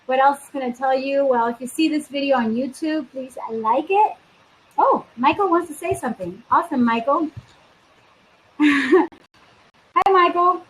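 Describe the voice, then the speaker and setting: Chatty high-voiced woman coach. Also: moderate pace, pauses often, a little hiss or hum, poor audio. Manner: chatty and upbeat, talks straight to viewers. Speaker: life coach hosting a live video stream. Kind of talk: casual live-stream chat.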